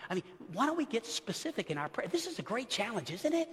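A middle-aged man preaching a sermon as pastor, swinging from hushed murmurs to shouted emphasis and acting out the people in his stories. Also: high-pitched, quick pace, hardly any pauses, breathy edge. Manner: animated storyteller acting out quoted speech. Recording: long reverb of a large church hall.

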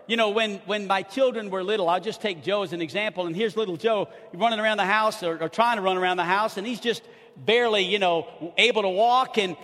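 A middle-aged pastor preaches with passion, swinging between loud outbursts and hushed asides and restarting with stammers. His high voice moves briskly, and long hall reverb fills the recording.

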